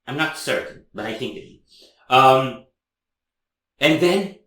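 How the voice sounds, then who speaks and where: A man's voice: mid-range voice, lively intonation, a little slow, a bit bright, roomy sound. A man hosting a casual music reaction chat, talking enthusiastically and rambling.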